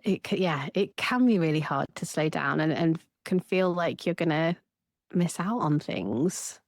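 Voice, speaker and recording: A woman, a therapist co-hosting a casual podcast chat and lively acting out her own inner voice. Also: low voice, measured pace, no room sound, studio quality.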